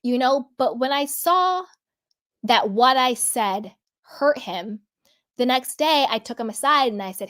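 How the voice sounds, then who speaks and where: A woman's voice: high-pitched, animated, unhurried, a bit bright. A woman hosting a reality TV commentary vlog, speaking earnestly and candidly and stretching out the words she wants to stress. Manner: candid, personal storytelling. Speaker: vlog host.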